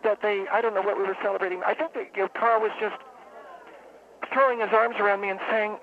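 A woman calling in to a radio show, telling a long story in a halting, rambling, deadpan way. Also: mid-range voice. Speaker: radio caller. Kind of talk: phone-in storytelling. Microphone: telephone. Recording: tinny phone line with faint hiss.

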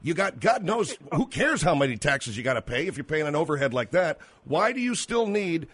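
A husky-voiced male radio host who needles and mocks his callers sarcastically. His pitch jumps around with lively swings. He is close to the mic in a dry, dead studio. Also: brisk, no room sound. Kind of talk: call-in radio talk.

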